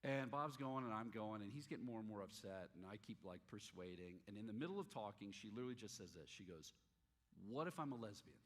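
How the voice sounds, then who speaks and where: A man preaching a sermon, an animated storyteller who acts out the dialogue in his stories. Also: lowish voice, quick pace, hardly any pauses. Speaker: pastor. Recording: long hall reverb.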